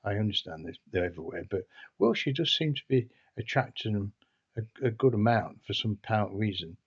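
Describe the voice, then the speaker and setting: A man recounts a tale in a casual, meandering way. He hesitates often and restarts his sentences, and his voice sits fairly low. The recording sounds dull and lo-fi. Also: expressive, fairly quick, slightly rough. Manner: hesitant and rambling, frequent restarts. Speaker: storyteller. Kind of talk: casual anecdotal storytelling.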